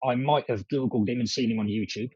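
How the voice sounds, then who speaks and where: A man's voice: mid-range voice, quick pace, darkish tone, husky, dry recording, muffled recording. A man, a podcast guest chatting earnestly and repeating words as he builds a point. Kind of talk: casual chat.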